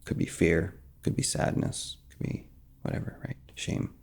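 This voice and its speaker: A man teaching emotional release in a calm, soft way, dropping into whispers as he acts out examples. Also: measured pace. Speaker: meditation teacher. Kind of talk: calm spoken guidance.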